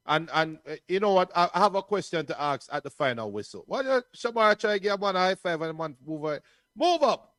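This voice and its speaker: A man co-hosting a football watch-along, talking in a halting way and giving blunt opinions. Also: sits high, animated, fairly bright tone, dry recording. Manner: halting and talkative, with repeated restarts and blunt opinions. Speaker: co-host and analyst.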